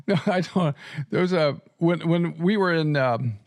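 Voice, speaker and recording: A man's voice: fairly high pitch, unhurried. A middle-aged man from Nebraska hosting a podcast in casual chat, chuckling often and restarting his sentences. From Nebraska, USA. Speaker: podcast host and seminary professor.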